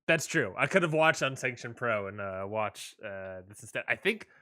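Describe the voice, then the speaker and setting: A man's voice: medium pitch, lively intonation, normal speed, bright, forceful tone, dry recording, clean studio sound. A man hosting a casual wrestling podcast, joking and steering the conversation along. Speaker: podcast host.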